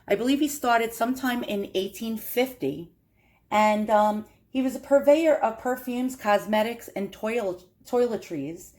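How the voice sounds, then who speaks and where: A woman's voice: a little high, unhurried, darkish tone. A woman from Queens with a strong New York accent, chatting casually and laughing at herself as she shows off antiques in a vlog. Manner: chatty, self-deprecating, laughs often. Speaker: antiques collector vlogger. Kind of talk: casual show-and-tell vlog.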